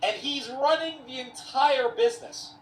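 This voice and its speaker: A man giving an animated retelling of an encounter at a conference, acting out the quotes as he goes. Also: very high voice, a little slow. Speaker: conference speaker. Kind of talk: anecdotal storytelling. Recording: echoey, distant, faint noise.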